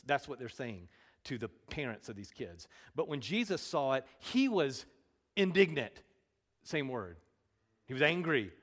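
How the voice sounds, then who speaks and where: A man delivers a sermon in an animated way, firing off rhetorical questions and rising in force on key words. His voice sits at an ordinary middle pitch. It rings out with a long hall reverb, as in a church hall. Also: a little slow. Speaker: pastor.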